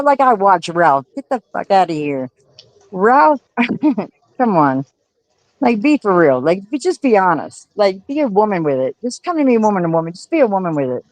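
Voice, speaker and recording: A woman's voice: a little high, dry recording, poor audio. Profane, confrontational woman streamer ranting. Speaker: livestream host. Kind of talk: heated livestream rant to chat.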